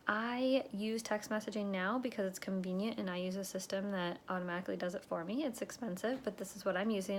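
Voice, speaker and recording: A woman coaches direct sellers in a relaxed, talky way, often pausing to check in with "okay?" and slipping into the lines she uses on customers. Her voice sits in an ordinary middle pitch. A faint room hum sits behind her. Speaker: direct sales consultant. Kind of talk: instructional talk to sales reps.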